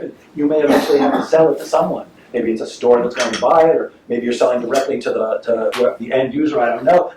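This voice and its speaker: A man, a sales trainer, giving a lively seminar talk to inventors and quizzing the audience with enthusiasm. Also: medium pitch. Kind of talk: live seminar talk with audience back-and-forth. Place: meeting room, heard from across the room. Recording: echoey room, far-off mic, faint hiss.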